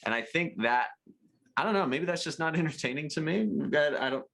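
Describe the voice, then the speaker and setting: A man's voice: fairly high pitch, lively intonation, brisk, a bit bright. A young man chatting casually as a podcast guest, rambling and laughing at himself. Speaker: guest, gaming channel co-host.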